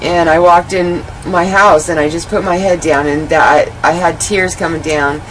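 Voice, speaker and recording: A woman's voice: lowish voice, fairly even intonation, normal speed, slight background noise, rough recording. A woman guest in an interview, telling her life story candidly and animatedly, with many "you know" fillers.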